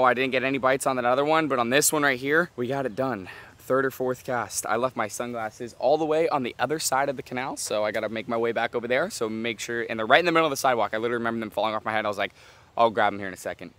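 A man's voice: mid-range voice, fairly bright tone. A young man vlogging a fishing trip outdoors by a canal, talking to an action camera and exclaiming often. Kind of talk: excited outdoor fishing vlog.

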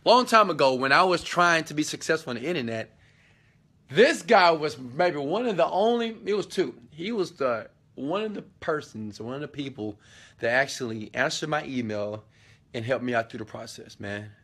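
Filming himself with a phone held at arm's length in a hotel suite, a man chats loosely on a live stream and hypes his business coaching. His voice is fairly high and fairly bright, expressive, at a moderate pace.

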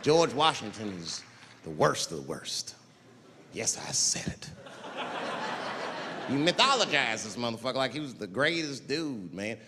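A young adult man doing a stand-up comedy set, telling profane stories and acting out characters in loud, high voices. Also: big-room sound, a little hiss or hum.

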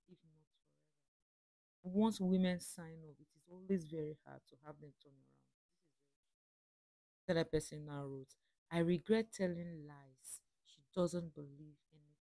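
A woman's voice: low-pitched, darkish tone, dry recording. A young woman from Africa reading comments aloud and chatting about them in a reflective, casual way. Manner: chatty, reflective, reads quotes slowly then comments. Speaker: reaction video host.

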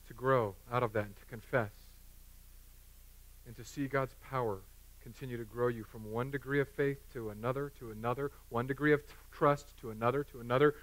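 A man's voice: mid-range voice, a bit bright. A pastor in his thirties preaching a sermon in a church, joking and conversational.

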